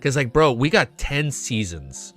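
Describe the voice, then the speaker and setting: A young man hosting a casual livestream, excitable and swearing often, reading chat aloud. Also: medium pitch, unhurried. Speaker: livestream host. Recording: faint music behind.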